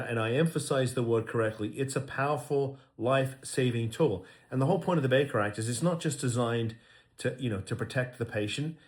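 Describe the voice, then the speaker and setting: A middle-aged man, a lawyer, talking casually to camera in an earnest way, with lots of ums and repeated words. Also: medium pitch. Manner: earnest, repeats himself, many fillers.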